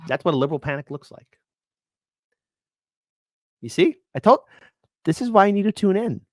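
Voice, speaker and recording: A woman's voice: medium pitch, animated, normal speed, a little mellow, dry recording, clean studio sound. A woman from Chicago hosting an online commentary show, talking in a mocking, playful way. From Chicago, USA. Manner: mocking, playful, bouncy delivery. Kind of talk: casual commentary stream.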